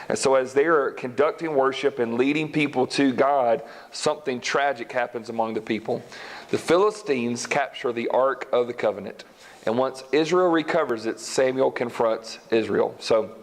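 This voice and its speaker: A man preaches a sermon in a church, reading Scripture and retelling it in a relaxed, folksy way. He slips into quick voices for the characters as he tells the story. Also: mid-range voice. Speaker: pastor.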